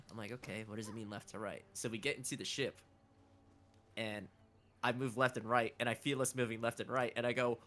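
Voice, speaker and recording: A man's voice: mid-range voice, fairly even intonation, brisk, fairly bright tone. A man chatting on a game livestream, a talkative storyteller who acts out the quotes in his stories. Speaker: guide and fellow voice actor. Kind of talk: casual livestream chat.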